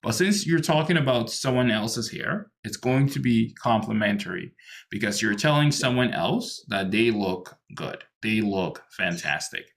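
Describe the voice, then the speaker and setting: Gravelly male English tutor. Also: fairly low pitch, animated, unhurried, a bit bright. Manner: patient, explains with many ums and restarts. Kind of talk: online one-to-one English lesson.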